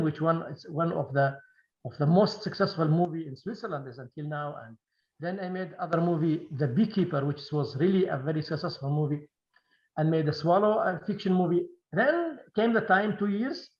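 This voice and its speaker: A man who speaks Kurdish as his first language, a film director answering questions in a halting Q&A, restarting and repeating words often. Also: fairly high pitch, echoey room, lo-fi sound. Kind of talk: Q&A interview.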